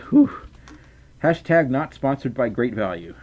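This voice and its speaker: A man's voice: on the high side, sing-song, normal speed, slight background noise. A young man chatting casually on a livestream, reading out chat and donations with playful stammers and restarts.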